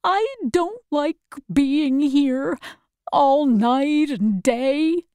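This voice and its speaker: A woman voicing a gentle storybook scarecrow. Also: high-pitched, drawn-out words, no echo, pitched above the performer's own voice. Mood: plaintive. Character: gentle, simple male scarecrow, sad then grateful.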